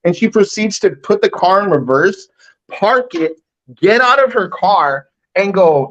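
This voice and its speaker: Rambling, fairly high-voiced man telling a story. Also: expressive, measured pace, fairly bright tone, muffled recording. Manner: rambling, filler-heavy, acts out quotes. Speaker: livestream guest. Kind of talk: casual chat, storytelling.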